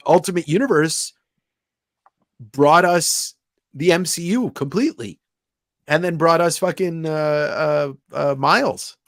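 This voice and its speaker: A man's voice: medium pitch, no echo, studio quality. A man hosting a casual livestream chat, reading viewer comments aloud and joking around with easy slang. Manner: says "hella", swears casually. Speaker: podcast host.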